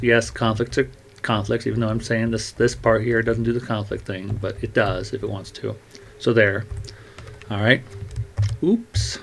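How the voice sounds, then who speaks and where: A man's voice: fairly low pitch, vocal fry, slight background noise. A man thinking aloud as he writes, meandering and trailing off, talking into a glove-covered mic with keyboard typing behind. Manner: meandering, muttering to himself, trailing off. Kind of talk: rambling think-aloud monologue.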